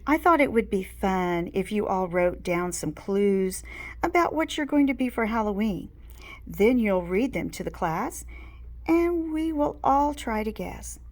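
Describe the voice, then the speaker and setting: A woman's voice: mid-range voice, unhurried, natural voice. A woman doing a patient young teacher. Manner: calm, firm, kindly.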